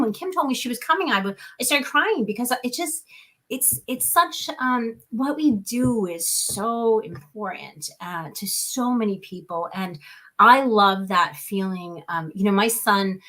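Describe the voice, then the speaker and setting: A woman being interviewed about her nonprofit work, chatting casually and acting out quoted conversations as she tells stories. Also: medium pitch. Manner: animated storytelling, acts out quoted dialogue. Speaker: guest, nonprofit founder.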